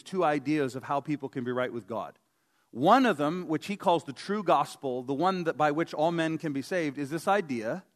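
A man preaching a sermon as pastor, in a conversational, joking way with emphatic stresses. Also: a little high.

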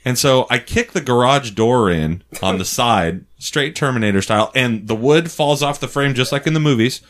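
A man telling a funny story in a casual, animated, profane way, laughing often. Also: mid-range voice, moderate pace.

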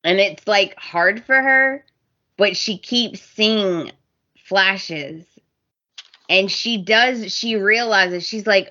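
A woman's voice: mid-range voice, very slow, bright, forceful tone, dull audio. A woman co-hosting a casual podcast, recapping a soap opera and acting out the characters' lines with animation. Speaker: podcast co-host.

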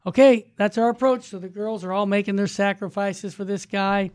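A man, a Catholic evangelist, telling a story and then teaching in an animated, folksy way. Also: high voice, moderate pace, hardly any pauses, no echo, clean studio sound.

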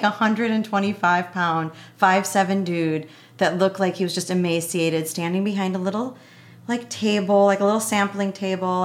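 A woman telling a story in casual conversation as a guest. She talks in a chatty way, full of "like", and acts out both sides of the dialogue. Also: medium pitch.

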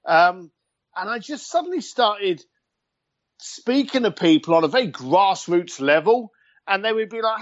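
A man's voice: high voice, expressive, a bit bright, dry recording, highs cut off. A man with an East London accent, chatting as a guest in an interview and joking at his own expense. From East London, England. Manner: chatty and self-deprecating, quick with a joke. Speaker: guest, luxury concierge. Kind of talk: casual interview chat over a call.

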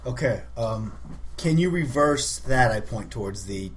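A man's voice: medium pitch, expressive, a little slow, slight background noise. A man playing a tabletop role-playing game, hesitant and full of questions. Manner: hesitant, asks many questions. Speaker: player. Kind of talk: casual tabletop game chat.

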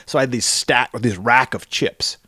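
With a medium-pitched voice and a breathy edge, a man co-hosts a podcast at normal speed, sharing stories in easygoing conversation. He performs the quotes in animated fashion, and the audio is studio-grade without echo.

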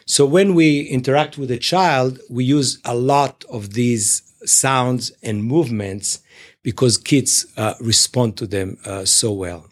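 A male clinician talks through his ideas in an interview at a middle pitch. He speaks haltingly, often stopping on fillers and restarting his sentences. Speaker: clinician at a psychological services organization. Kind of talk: explaining in an interview.

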